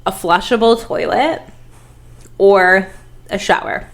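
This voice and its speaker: A woman's voice: mid-range voice, takes it slowly, vocal fry. A young woman co-hosting a podcast, telling rambling, crude stories in casual chat. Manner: rambling, crude, chatty storytelling. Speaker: podcast co-host.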